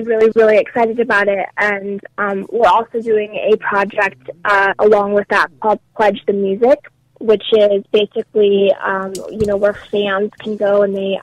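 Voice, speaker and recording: A woman's voice: mid-range voice, no room sound, poor audio. Young female guest, hesitant and casual, fillers throughout. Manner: hesitant, lots of ums and uhs. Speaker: guest musician. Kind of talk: casual interview chat.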